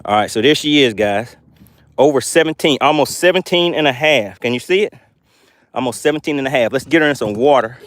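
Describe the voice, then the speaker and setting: A man hosting a live fishing stream from a boat, excitedly commenting and reading chat messages aloud. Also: medium pitch, fairly quick, no room sound. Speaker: fishing livestream host.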